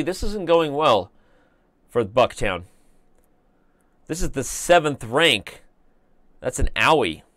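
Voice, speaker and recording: A man's voice: medium pitch, no echo. A man hosting a live chess stream, commenting on games in a playful, joking way. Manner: playful, joking, fast-moving.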